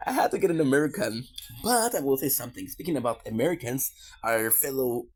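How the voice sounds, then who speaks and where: Husky man rambling through goofy tangents. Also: mid-range voice, expressive, fast talker. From Quebec, Canada. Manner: goofy, rambling on side tangents, swearing and joking. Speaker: streamer. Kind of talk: casual rambling monologue.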